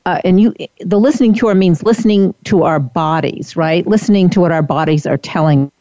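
A woman's voice: fairly low pitch, a little fast, dark tone, no echo, muffled recording. A woman hosting an interview, summarizing her guest's points and steering the questions in a conversational way. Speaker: host.

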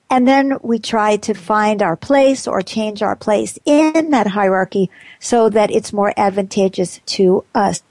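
A woman's voice: on the high side, darkish tone, dry recording. A woman giving a candid, earnest reflective talk about personal growth.

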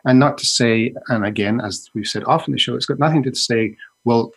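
A man's voice: medium pitch, fairly quick, creaky, slightly rough. A man co-hosting a podcast, talking casually and rambling a little, with restarts. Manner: rambling, with restarts and acted-out quotes. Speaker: podcast co-host. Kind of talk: casual conversational chat.

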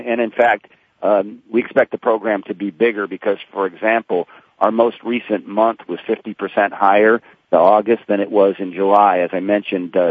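A man guesting on a radio interview, explaining figures in a halting way with many fillers. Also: on the low side, husky, no room sound. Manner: halting, lots of fillers and restarts, factual. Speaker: corporate sustainability guest. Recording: tinny phone line.

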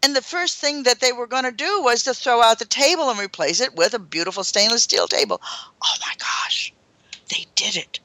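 Woman host, dramatic storytelling, bright tone, dry close sound. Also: on the high side, very animated, fairly quick, hardly any pauses, no room sound. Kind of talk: first-hand storytelling.

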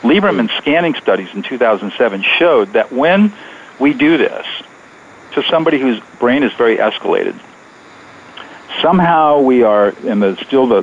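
A man being interviewed as a guest author on radio, explaining his method in a measured, step-by-step way. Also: fairly low pitch, a little hiss or hum. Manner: measured, explanatory, steps through points. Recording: dull lo-fi radio sound.

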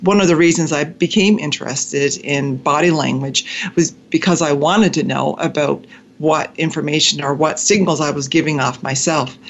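A woman's voice: low voice, a little hiss or hum. A woman hosting a podcast interview, listening attentively with frequent affirmations and asking questions. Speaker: podcast host.

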